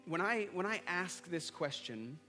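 A man's voice: sits high, lively intonation, a little slow. A man preaching a sermon to a congregation, earnest and repeating a refrain as he leads an altar call and a line-by-line prayer. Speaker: pastor. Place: church hall before a congregation. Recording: long hall reverb with soft guitar.

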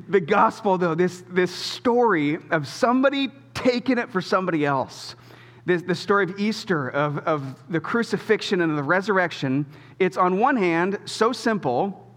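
Pastor with a slightly high voice, echoing hall. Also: male voice. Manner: casual storytelling, animated, self-deprecating. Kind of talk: sermon. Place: church auditorium. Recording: long reverb of a church hall.

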